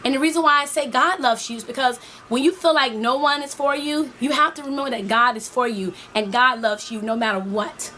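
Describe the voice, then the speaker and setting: Preachy life coach woman, high voice. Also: a little fast, hardly any pauses, bright, forceful tone, slight background noise. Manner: preachy, repetitive, talks straight to the viewer. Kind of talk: motivational video talk to women.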